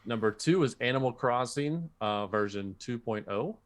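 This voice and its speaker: This man co-hosts a podcast and reads out listeners' picks in a relaxed, chatty way. His voice sits at an ordinary middle pitch. When he tells a story, he gets animated. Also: normal speed. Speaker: podcast co-host. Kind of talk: casual chat.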